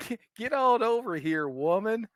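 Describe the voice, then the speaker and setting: A man's voice: sits high, animated, moderate pace, dry recording, studio quality, pitched above the performer's own voice. A man putting on a crude, playful hillbilly voice to play a brash man catcalling women, with a put-on Southern US accent. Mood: leering.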